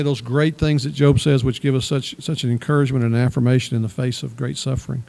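A man's voice: medium pitch, fairly even intonation, fast, creaky, hardly any pauses, dark tone. A male pastor preaching a sermon in a church, reading scripture aloud and then explaining it in plain words. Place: church sanctuary.

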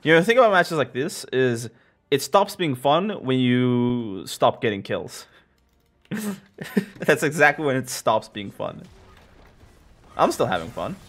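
A man's voice: medium pitch, very animated, unhurried, long pauses, fairly bright tone. A young man giving live commentary on his own gameplay, playful and jokey, talking to his chat. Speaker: gamer streaming his gameplay.

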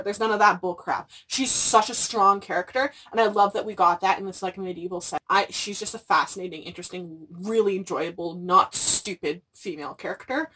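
A woman's voice: medium pitch, steady tone, a little fast, hardly any pauses, sharp tone, distant mic, a little hiss or hum. A young adult woman chatting casually about books, rambling and gushing with lots of fillers. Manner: gushing, rambling, frequent "like" and "freaking". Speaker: book vlogger. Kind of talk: casual chat.

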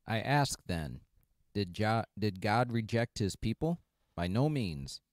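A man with a very deep voice reads a scripture passage aloud at a Bible study, steady and careful. The sound is dry, with no room echo. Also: slow pace.

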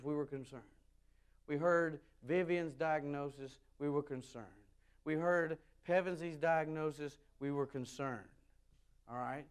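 A pastor from the United States preaching a sermon to his congregation, animated and rising loud when he reads scripture, with wry asides. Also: sits high. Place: church sanctuary with a congregation.

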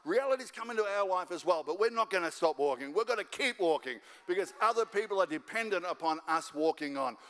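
A man's voice: high-pitched, lively intonation, a little fast, few pauses, a bit bright, big-room sound. An Australian man preaching a sermon as a guest pastor, fired up and driving home his points over and over. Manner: fired-up, repetitive exhortation. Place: church auditorium.

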